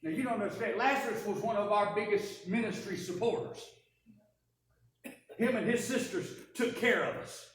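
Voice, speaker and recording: A woman preaching a first-person dramatic sermon, telling the story in an animated, wry way. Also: medium pitch, moderate pace. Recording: echoey church from a distance.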